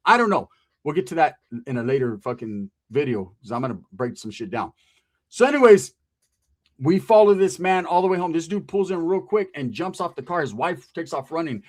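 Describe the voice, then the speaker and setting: A man telling a profane comic story about his past, acting out the people in it. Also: fairly high pitch.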